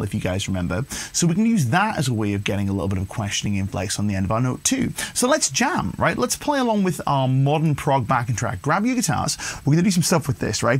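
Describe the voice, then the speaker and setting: A man's voice: medium pitch, breathy edge. A man hosting a guitar lesson livestream, chatty and encouraging, reading viewer comments as he plays. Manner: relaxed, chatty, encouraging, addresses viewers as "you guys". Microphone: livestream mic with guitar playing. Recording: guitar music faintly behind.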